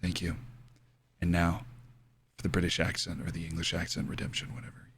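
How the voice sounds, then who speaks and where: Young guy streaming a game, jokey, yells at the big moments, bright voice. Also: sits low, completely flat delivery, brisk, a little hiss or hum. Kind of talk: excitable live game commentary.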